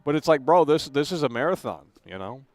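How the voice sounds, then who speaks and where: A man's voice: fairly high pitch, animated, a little fast, darkish tone, no room sound. A man hosting a casual call-in chat from outdoors, teasing and stammering over his restarts. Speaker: host. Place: outdoors in the cold on a bench.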